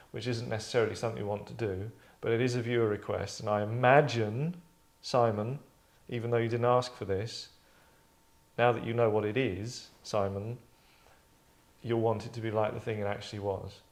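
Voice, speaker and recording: In a mid-range voice with fairly even intonation, a man speaks a little fast while hosting and directing a voice session. His notes come out rambling, with restarts and lines acted out, in a casual style.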